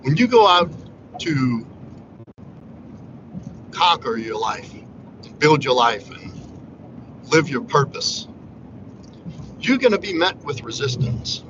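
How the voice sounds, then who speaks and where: On muffled lo-fi audio with background noise, a man hosts a casual livestream monologue, blunt, preachy, and full of profanity. His fairly high voice swings widely in pitch, and he speaks slowly, pausing often.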